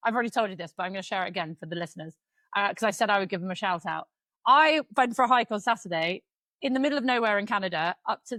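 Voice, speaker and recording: A podcast co-host in her forties chats casually, telling stories and swearing freely. She has a mid-range, fairly bright voice, and the recording carries no room sound.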